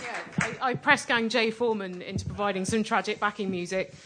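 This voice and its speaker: A woman doing deadpan comic storytelling on stage at a live show. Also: medium pitch, brisk, noisy background. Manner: deadpan, dry comic delivery. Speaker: comedy performer. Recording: live performance with loud guitar. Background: guitar music.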